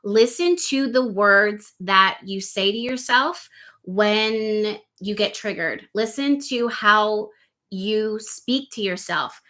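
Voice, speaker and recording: Bright-voiced woman astrologer on a live stream. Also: mid-range voice. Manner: conversational, full of rhetorical questions, reads viewer comments.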